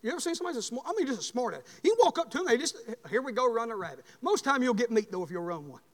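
A man's voice: very high-pitched, sing-song, very fast. A man preaching a fervent, folksy sermon in a church. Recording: long reverb in a church hall.

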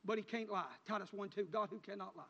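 A man preaches in a church, his voice sitting very high and climbing into loud, fervent calls. His speech is full of country turns of phrase. The recording is dull and lo-fi, with a long reverberant tail from the hall. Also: fast talker, vocal fry. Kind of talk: sermon. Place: church sanctuary.

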